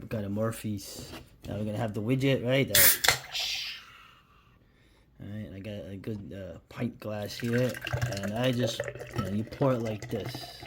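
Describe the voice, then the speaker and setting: A man from the United States chatting casually to camera about beer, rambling and restarting sentences, sometimes dropping to a hushed near-whisper. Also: fairly low pitch, a little slow, pauses often, slight background noise. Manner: rambling, self-interrupting, drops to a hushed near-whisper when admiring the beer. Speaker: beer vlogger.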